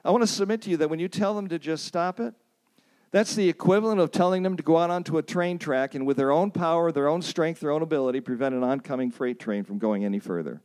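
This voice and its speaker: A man teaches a church counseling seminar in an earnest, emphatic way, quoting scripture and repeating key points for emphasis. He speaks briskly with a darkish tone, acting out pleading phrases in a higher voice.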